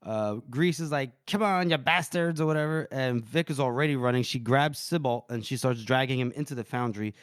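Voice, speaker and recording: A man's voice: mid-range voice, fairly quick, few pauses, smooth, no echo, clean studio sound. A man co-hosting a book podcast, retelling scenes casually and acting out characters' lines. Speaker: podcast co-host.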